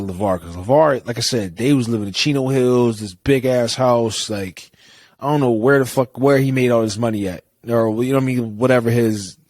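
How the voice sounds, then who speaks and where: A man's voice: medium pitch, darkish tone, dry recording. A young man, podcast co-host, talking casually in a laid-back way with casual swearing. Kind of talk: casual chat.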